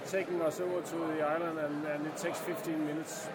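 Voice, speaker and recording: A Danish man who makes cider speaks in halting English with a Danish accent and often searches for words. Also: a little high, little pitch movement. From Denmark. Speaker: cider maker. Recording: loud crowd around the mic.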